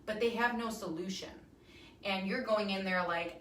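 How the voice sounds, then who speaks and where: A woman's voice: medium pitch, fairly even intonation, normal speed, a little hiss or hum. A woman in her thirties hosting a casual live talk to viewers, chatty and emphatic with frequent ums. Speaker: wellness talk host. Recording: roomy echo, somewhat far from mic.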